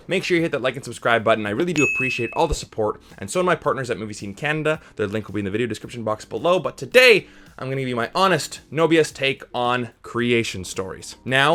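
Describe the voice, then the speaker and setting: A man's voice: mid-range voice, fairly bright tone. A young man hosting a casual movie review to camera, upbeat and chatty, often tossing in "right?" as he talks.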